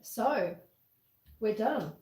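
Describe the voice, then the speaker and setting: A woman homesteader hosting a cooking stream from her kitchen, talking in an unhurried, chatty way. Her voice sits a touch higher than most. The roomy kitchen gives it a clear echo. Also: expressive, a little mellow. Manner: chatty and homely, talking viewers through each step. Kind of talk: casual live-stream chat while cooking. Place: home kitchen with a wood stove.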